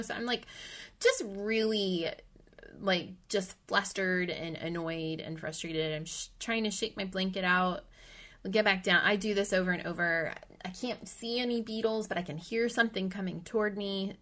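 A middle-aged woman from the US Midwest, a podcast guest, telling a personal story in an animated, vivid way and sometimes dropping to a hushed whisper. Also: mid-range voice, moderate pace.

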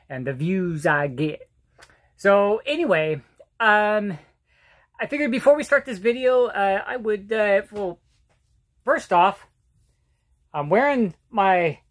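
A middle-aged man with a light, fairly high voice for a man, telling self-mocking stories in a loose vlog ramble. He stumbles over words, doubles back, and chuckles at his own jokes. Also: fairly bright tone. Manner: halting, with restarts and repeated words. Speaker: vlogger. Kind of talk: casual storytelling monologue.

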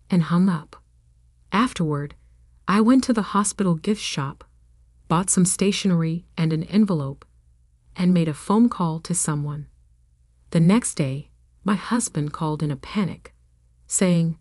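A woman reading a first-person story in a calm, even-toned scripted narration. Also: lowish voice, unhurried, dry recording, studio quality.

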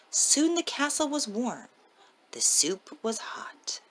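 A mother reading a rhyming children's picture book aloud in a slow, sing-song manner. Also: fairly low pitch, vocal fry, a bit bright, a little hiss or hum, rough recording.

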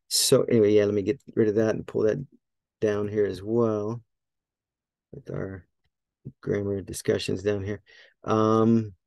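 A low, gravelly male voice, dark and mellow in tone, recorded dry and close. He teaches Greek in a loose, casual way, circling back with fillers and checking himself as he goes, then slowing down to repeat each word carefully. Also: no room sound. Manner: thinks aloud, checks himself, many fillers; repeats Greek words slowly to model them. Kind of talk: casual spoken lesson.

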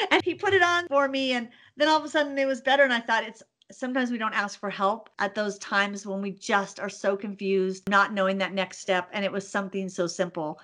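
A middle-aged woman guest on a podcast, telling personal stories in a casual, animated way and laughing often. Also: on the high side. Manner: animated storyteller, laughs often, acts out her own thoughts. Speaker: podcast guest, business owner. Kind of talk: casual interview.

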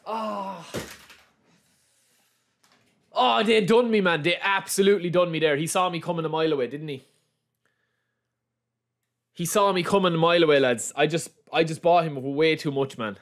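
A young man giving chatty, excitable gameplay commentary, calling his viewers lads. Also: on the high side, moderate pace, pauses often. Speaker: gaming YouTuber.

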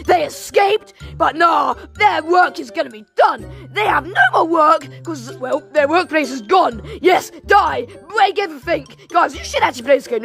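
A woman host giving goofy, shouty Let's Play commentary while playing a game. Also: very high-pitched, gravelly. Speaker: gaming channel host.

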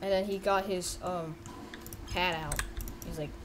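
A woman giving playful, rambling commentary over a sandbox game, often yelling in mock pain. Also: medium pitch, steady tone, moderate pace, long pauses, slight background noise. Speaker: gameplay video creator. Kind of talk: casual gameplay commentary. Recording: keyboard typing and clicks behind.

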